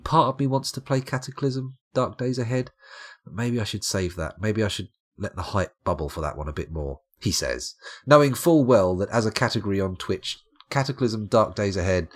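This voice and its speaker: Tired streamer, young man, lowish husky voice, lively ups and downs, self-mocking late-night ramble. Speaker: game streamer.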